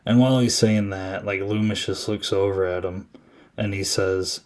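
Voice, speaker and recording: A young male podcast host casually recaps a horror film, rambling with amusement and correcting himself as he goes. His voice is lowish, steady and mellow, and he talks a little slowly.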